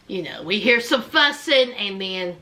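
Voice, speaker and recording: A woman casually recapping a reality show, animated and acting out everyone's lines. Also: mid-range voice, measured pace, slight background noise.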